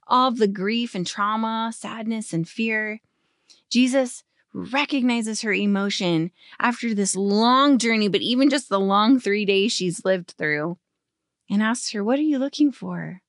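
A woman in her thirties hosts a devotional podcast, teaching scripture through earnest, expressive storytelling. Her medium-pitched voice slows and softens on tender points, recorded in studio quality with no room sound.

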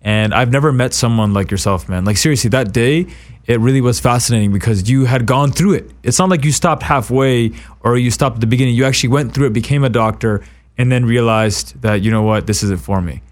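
A man hosting a casual interview podcast, talking animatedly with quick asides and frequent laughter. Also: medium pitch. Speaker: podcast host.

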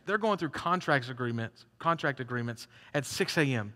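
Animated high-voiced male preacher. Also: normal speed, few pauses. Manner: animated, conversational preaching with acted-out asides. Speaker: pastor. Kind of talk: sermon. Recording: long hall reverb.

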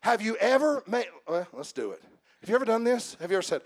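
High-voiced man preaching with fervor. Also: big pitch swings, husky. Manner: shouts and slows for emphasis, then drops to quiet asides; addresses the congregation directly with humor. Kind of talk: sermon.

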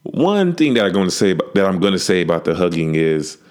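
A man's voice: low voice, sing-song, quick pace, a little mellow. A man hosting his own podcast, talking loosely and profanely with jokes along the way. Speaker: podcast host. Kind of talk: casual podcast monologue.

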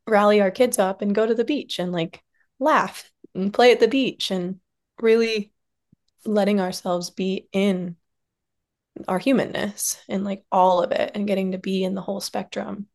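A woman speaking softly and from the heart in a reflective interview, with many pauses and fillers. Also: mid-range voice. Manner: soft, heartfelt, with many likes and trailing pauses. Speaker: podcast guest, somatic practitioner and dance teacher.

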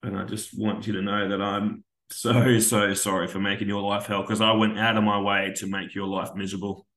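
A man's voice: on the low side, flat delivery, fairly quick, a bit bright. A man, a veteran on a podcast, telling a raw, candid personal story and swearing freely. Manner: raw, candid, swears often, acts out dialogue. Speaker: podcast guest, army veteran. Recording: roomy echo.

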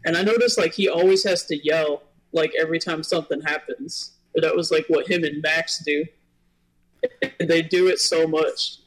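A man's voice: on the high side, steady tone, moderate pace, a bit bright, rough recording. A young man in casual chat, speaking hesitantly and unhurriedly, with many fillers.

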